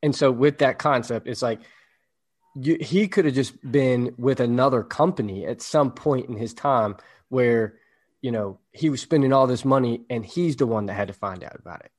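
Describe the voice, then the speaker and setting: A man's voice: mid-range voice, normal speed, darkish tone. A man co-hosting a podcast, talking through ideas in a rambling, reflective way during casual chat. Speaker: podcast co-host.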